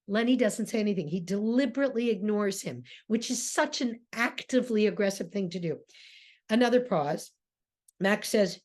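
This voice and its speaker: A woman's voice: medium pitch, expressive, normal speed, darkish tone. A woman giving a classroom lecture as a theater director, emphatic and full of rhetorical questions.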